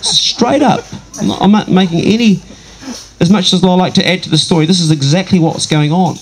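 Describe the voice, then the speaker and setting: Animated New man telling a story. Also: high-pitched, fast talker, low-quality recording. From New Zealand. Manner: animated, does voices of other people. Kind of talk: comic storytelling.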